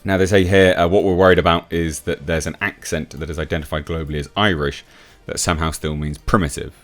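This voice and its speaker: A man's voice: low voice, fairly even intonation, fast talker, a bit bright, soft background music. A man from England, reading out an article and mocking it in opinionated commentary, laughing and restarting often. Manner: scoffing, laughs at what he reads, many restarts. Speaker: YouTube reviewer.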